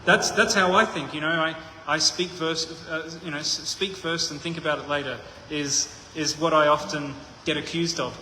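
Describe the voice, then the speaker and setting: Guy preaching, kinda bright voice, lots of restarts, big echoey hall. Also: on the high side, fairly even intonation, moderate pace, few pauses, slight background noise. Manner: conversational, thinks aloud with many restarts. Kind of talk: sermon. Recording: echoey hall with long reverb.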